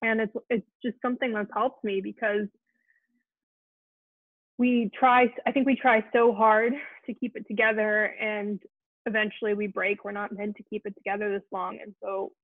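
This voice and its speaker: Woman, gentle earnest host, tinny phone-like sound, dry. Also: medium pitch, flat delivery, normal speed, no room sound. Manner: gentle, earnest, many restarts. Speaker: host of a support Q&A. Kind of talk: casual heartfelt talk to an online group.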